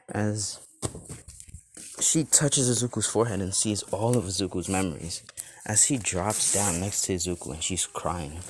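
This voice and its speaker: A man's voice: sits low, normal speed, slight background noise. A man improvising a fan-fiction story, rambling with lots of fillers and restarts.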